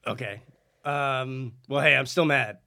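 Bright-voiced stammering man in comedy improv. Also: medium pitch, a little slow. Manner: rambling, stammering, blustery.

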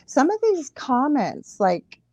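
A woman who works as a psychic medium, a podcast guest telling stories in a lively, chatty way with frequent laughs. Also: high voice, no echo. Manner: animated storyteller, laughs often, quick asides. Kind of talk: casual chat, storytelling.

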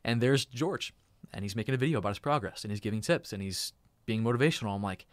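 A man hosting his own live stream, chatting casually and excitedly, often laughing. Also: lowish voice, fast, no echo. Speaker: YouTube live streamer and host.

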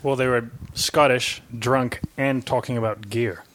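A man's voice: medium pitch, fairly even intonation, measured pace, a bit bright. A man from South Africa co-hosting a band podcast, explaining things in a matter-of-fact way during casual chat. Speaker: podcast co-host, band member.

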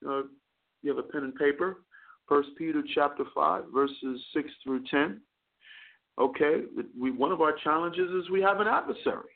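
A chaplain preaching on radio, his somewhat high voice gravelly and rough at the edges. He repeats himself as he builds toward fervent peaks. The sound comes through thin and tinny, like a phone line. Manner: repeats words while preaching, rises into fervent crescendos. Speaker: radio talk show host and chaplain. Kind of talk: preaching sermon on call-in radio.

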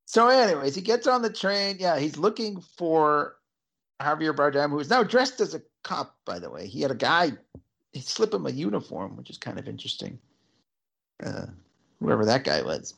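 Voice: medium pitch, big pitch swings, moderate pace, creaky, a bit bright, husky. A speaker chatting casually about a film, meandering and second-guessing themselves.

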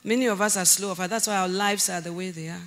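Here a female preacher talks at a rapid clip, animated and laughing frequently through her sermon. Emphatic shouting alternates with low, earnest passages.

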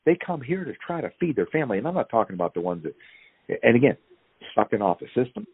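A husky, low-voiced man talks with fiery, ranting intensity as a podcast guest, his pitch swinging widely as he pushes each point. The sound is thin and tinny like a phone line, with a dry, close feel. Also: sing-song, fast talker, no room sound. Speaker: guest activist. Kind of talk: impassioned podcast interview.

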